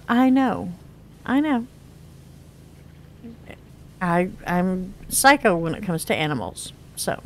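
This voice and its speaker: A woman hosting a gaming video, casually telling a personal story while she plays, laughing often and acting out the quotes with big jumps in her voice. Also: on the low side. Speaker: gaming channel host.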